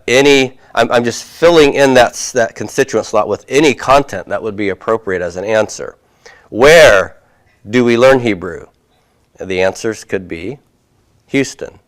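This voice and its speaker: A man lecturing on grammar in a classroom style, joking and folksy, with many fillers and restarts. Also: on the low side.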